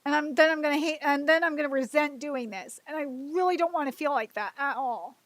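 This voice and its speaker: Woman, very high voice, emotional, frustrated, repetitive, swears, dry close sound. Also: brisk, no echo. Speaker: streamer hosting her own show. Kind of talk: solo livestream venting.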